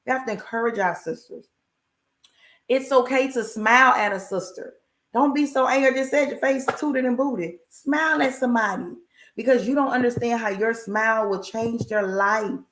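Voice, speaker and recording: A woman's voice: fairly high pitch, normal speed, fairly bright tone, roomy sound. A woman giving an encouraging faith talk on a livestream, emphatic and repetitive, with a preacher-like cadence and folksy asides. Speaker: inspirational speaker.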